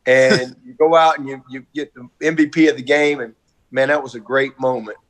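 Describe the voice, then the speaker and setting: A man's voice: mid-range voice, steady tone, moderate pace. A middle-aged man, a college football coach speaking over a video call, heartfelt, effusive and repetitive. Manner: warm, effusive, repetitive, folksy.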